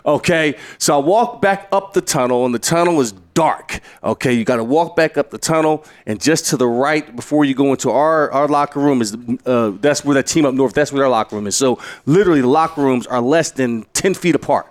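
A middle-aged man, a head coach and former player, telling a story in an interview with lively energy, laughing and acting out quotes loudly. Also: on the high side, a little fast, hardly any pauses, no echo.

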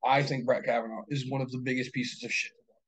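A man's voice: medium pitch, level tone, quick pace, breathy edge, rough recording. A man co-hosting a casual chat, talking bluntly and heatedly, swearing often and rambling with lots of fillers.

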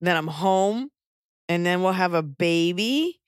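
A pregnant woman hosting a podcast, talking in casual chat with wry, deadpan jokey rants. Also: lowish voice, a little slow, clean tone, dry recording, clean studio sound. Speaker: podcast host and touring comedian.

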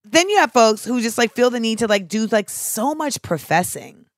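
A woman hosting a podcast in casual chat, telling stories in an animated, profane way full of asides. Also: on the high side, moderate pace, dry recording, studio quality. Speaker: podcast host.

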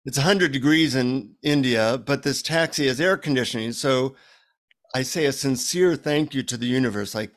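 Animated middle-aged male storyteller. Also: medium pitch, moderate pace. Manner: animated storyteller, acts out dialogue. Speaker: author guest. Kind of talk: conversational storytelling.

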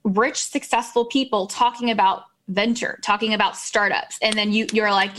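A woman's voice: medium pitch, steady tone, normal speed, a bit bright, a little hiss or hum. A woman hosting an interview, effusive and emphatic, often restarting her sentences. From United States. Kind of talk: casual interview.

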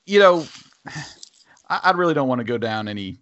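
A man's voice: medium pitch, animated, brisk, fairly bright tone, dry recording. Man host, casual chat, easygoing, dry dull audio. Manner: easygoing, hesitant with fillers. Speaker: podcast host.

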